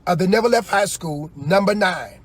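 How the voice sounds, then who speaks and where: A man preaching in a loose, animated way on a livestream, often acting out quoted voices. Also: sits high, moderate pace. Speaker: apostle.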